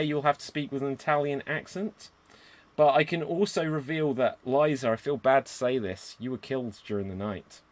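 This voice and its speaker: A man with a British accent hosting a live improv game as game master, upbeat and theatrical. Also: medium pitch.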